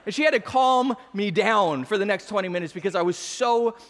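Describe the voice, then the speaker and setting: This pastor, a man in his thirties, has a notably high voice and talks fairly quickly. His sermon weaves in personal, everyday stories told with lively, self-mocking humor, and a long reverb makes it sound as though he's in a large hall.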